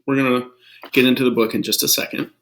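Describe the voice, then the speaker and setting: A man teaching first graders from his living room, reading a picture book aloud in a lively storytelling manner. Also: mid-range voice, fast, rough recording. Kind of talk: read-aloud lesson for kids.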